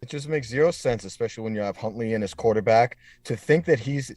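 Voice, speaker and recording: A man co-hosting a sports podcast, chiming in with quick corrections. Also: medium pitch, a little mellow, no room sound. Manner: interjecting, needling corrections. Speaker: podcast co-host. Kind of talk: casual chat.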